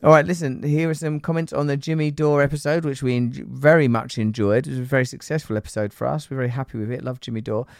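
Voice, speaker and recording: A man's voice: medium pitch, steady tone, fast talker, vocal fry, hardly any pauses, darkish tone, faint music behind. A man hosting a podcast, joking and bantering playfully with his co-host and reading listener comments. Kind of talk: casual podcast chat.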